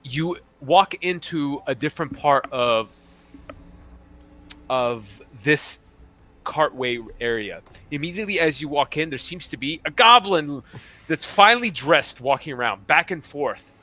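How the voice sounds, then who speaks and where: A man's voice: a little high, lively intonation, measured pace, sharp tone. A man narrating a tabletop game as game master, in a loose and casual way.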